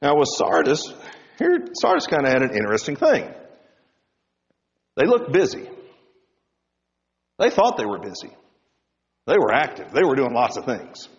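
A male pastor preaching a sermon, swinging between loud emphasis and hushed low tones. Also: huge pitch swings, brisk. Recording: dull sound with long reverb in a hall.

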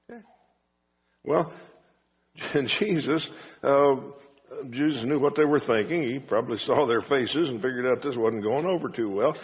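A male pastor preaching in a church, telling the story casually with little jokes tucked in. His pitch rises and falls a lot, and the sound is slightly dull, with a long reverb from the hall. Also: sing-song, a little slow, slightly rough. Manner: folksy storytelling with asides and dry humor. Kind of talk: sermon. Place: church sanctuary.

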